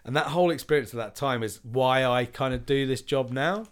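A man in his forties telling a story in casual chat, animated and swearing, acting out other people's lines. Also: mid-range voice, a little fast, clear, resonant tone.

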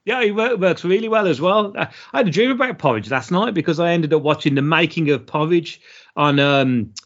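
A man's voice: a little high, brisk. A man from the co-hosting a casual chat, rambling with lots of "you know". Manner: rambling, animated, lots of fillers. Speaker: podcast co-host. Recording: dull lo-fi sound.

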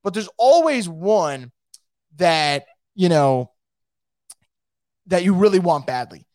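A man hosting a casual live sports podcast, reading out viewer comments and reacting in a fast, emphatic way, often repeating his words. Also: high-pitched, very animated, darkish tone, dry recording, clean studio sound.

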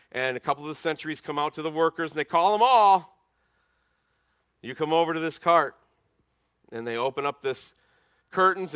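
A man preaching a sermon, telling stories dramatically and swinging from loud emphasis to hushed tones. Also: medium pitch, dry recording. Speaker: pastor.

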